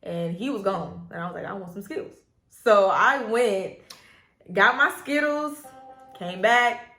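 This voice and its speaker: A woman's voice: mid-range voice, slow, roomy sound, soft background music. A young woman, co-hosting a parenting podcast and telling a childhood story with frequent laughter. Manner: animated storyteller, laughs often. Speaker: podcast co-host. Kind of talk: casual chat, storytelling.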